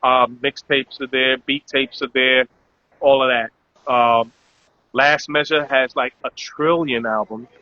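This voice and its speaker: New man hosting live chat, bright forward voice, dry close sound, rambly hype with fillers, lo-fi. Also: medium pitch, fairly even intonation, takes it slowly, no echo. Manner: loose, promotional, many "um" fillers. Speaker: host. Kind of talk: casual live-stream chat. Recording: dull lo-fi audio.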